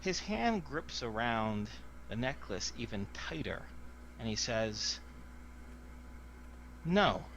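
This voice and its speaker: A man's voice: mid-range voice, big pitch swings, takes it slowly, fairly bright tone, a little hiss or hum. A man narrating as game master, with lots of fillers.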